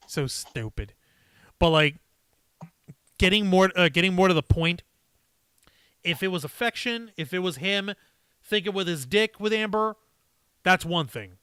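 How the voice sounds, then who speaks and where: A man hosting a live stream, chatting casually and reading viewer comments in a profane, rambling, animated way. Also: high-pitched, a little slow, pauses often, clean tone, no echo.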